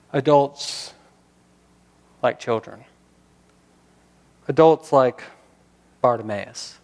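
A man's voice: medium pitch, big-room sound. A man preaching a sermon, reading scripture and talking in a conversational way with rhetorical questions. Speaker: pastor.

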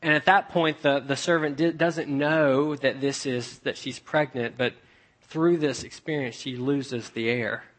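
A young man preaching a sermon, telling stories in a chatty way and dropping to a hush for emphasis. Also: mid-range voice, steady tone, a little slow. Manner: conversational storytelling with dramatic hushed drops.

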